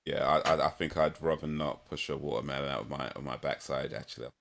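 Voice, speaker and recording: A man's voice: a bass voice, steady tone, fast, gravelly, fairly bright tone, slight background noise. A man hosting a podcast, talking in casual chat, easygoing, chuckling often and restarting his sentences. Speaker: podcast host.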